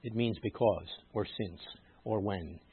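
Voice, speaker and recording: A man preaches as a rabbi. He explains in a teacherly way, then pushes his voice up loud to stress a point. His voice is a bit husky, and the recording is narrow and muffled, like a phone line. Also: lowish voice, unhurried. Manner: emphatic, rises loud on scripture quotes, teacherly asides. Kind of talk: sermon.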